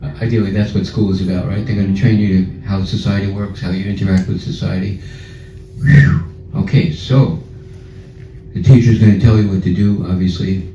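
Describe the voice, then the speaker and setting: Laughing, animated New storyteller. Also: male voice, sits low, fairly quick, noisy background. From New York. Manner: animated, laughing often, acts out scenes. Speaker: spiritual speaker. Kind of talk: humorous storytelling talk. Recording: echoey room, far and dull.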